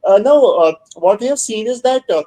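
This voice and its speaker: A man hosting a podcast, chatty and easygoing, laughing easily and pausing often on "uh". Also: high-pitched, lively intonation, dark tone, poor audio. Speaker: podcast host. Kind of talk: casual podcast chat.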